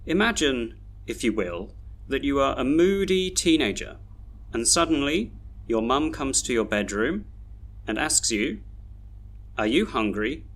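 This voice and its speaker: A man teaching pronunciation in a scripted video lesson, saying each example word slowly and carefully, twice. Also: medium pitch, sing-song, fairly bright tone. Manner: slow, careful modelling of words, each said twice.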